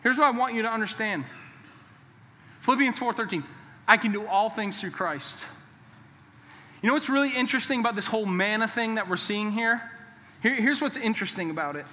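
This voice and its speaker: A man with a high, bright voice preaches a sermon in a church sanctuary. He is emphatic and conversational, and at times his delivery drops to a hushed, earnest tone. Long hall reverb trails each phrase. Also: fairly quick, long pauses. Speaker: pastor.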